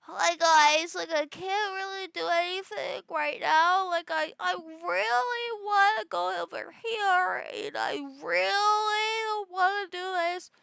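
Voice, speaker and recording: A woman voicing a whiny young girl character with slow, drawn-out pleading lines. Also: very high voice, steady tone, vocal fry, sharp tone, no echo, pitched above the performer's own voice, exaggerated voice.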